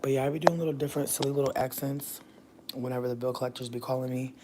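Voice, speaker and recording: A woman's voice: rumbling low, steady tone, fast talker, very noisy. A woman chatting casually on a livestream, telling stories in a playful, profane way. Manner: starts in a soft whisper, then grows loud. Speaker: livestream host.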